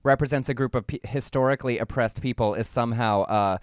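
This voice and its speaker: A young adult man from the American South, co-hosting and giving earnest, measured news commentary. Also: medium pitch, clean tone, dry recording, studio quality. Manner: earnest, measured, fluent argument. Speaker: co-host.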